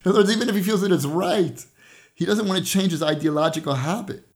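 A man with a slightly high voice gives a weekly Torah lesson on his podcast. He explains earnestly and leans on retold stories and scripture to make his points. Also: fast. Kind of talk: weekly religious teaching podcast.

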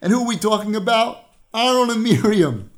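A man with a slightly high voice gives a weekly Torah lesson on his podcast. He explains earnestly and leans on retold stories and scripture to make his points. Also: expressive, fairly quick. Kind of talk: weekly religious teaching podcast.

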